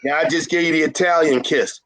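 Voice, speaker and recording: With a steady, fairly bright, high-pitched voice, a man talks a little fast while giving carpet cleaners informal motivational business advice. He's emphatic and fired-up, hammering key points repeatedly and teasing his listeners, in a dry, close recording free of room echo.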